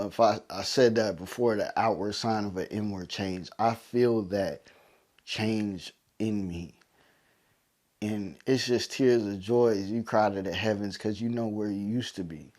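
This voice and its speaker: A man's voice: lowish voice, a little mellow. A man hosting a solo podcast, teary and emotional, building his points through preacher-like repetition. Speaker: podcast host. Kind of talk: heartfelt solo podcast monologue.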